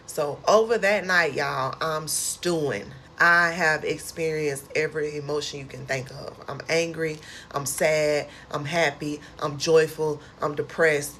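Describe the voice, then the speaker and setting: A woman's voice: deep voice, moderate pace, a little hiss or hum. A young woman, animatedly telling her own survival story in a casual storytime vlog. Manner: animated, expressive retelling with dialect and slang.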